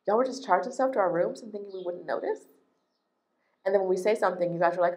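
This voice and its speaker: Low-voiced woman ranting indignantly. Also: fast talker. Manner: animated, indignant, emphatic repetition. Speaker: travel business owner. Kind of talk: ranting vlog.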